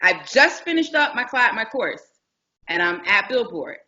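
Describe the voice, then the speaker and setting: A woman from New Jersey, a guest author telling animated stories in a podcast interview, acting out the people she quotes. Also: fairly high pitch, moderate pace, dull audio. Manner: lively anecdotes, acts out quoted speech.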